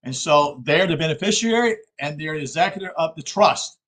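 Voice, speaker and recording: Earnest man lecturing, slightly high voice. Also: expressive, brisk, a bit bright, low-quality recording. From South Carolina. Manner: earnest, addresses listeners as folks, frequent okay checks. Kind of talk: informal spoken lecture.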